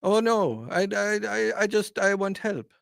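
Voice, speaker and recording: A man's voice: high voice, expressive, a little slow, gravelly, a bit bright, no room sound, studio quality, pitched above the performer's own voice, full character voice. A man doing a whiny, pleading impression of a male wartime leader asking for help. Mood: whining. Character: whining male wartime leader begging for money.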